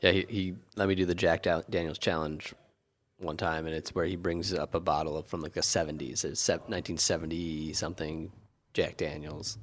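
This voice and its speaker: A man's voice: sits low, flat delivery, fairly quick, a little hiss or hum. A man co-hosting a podcast in casual chat, telling stories in an easygoing, knowledgeable way. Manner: easygoing storyteller, knowledgeable about brewing. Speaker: podcast co-host.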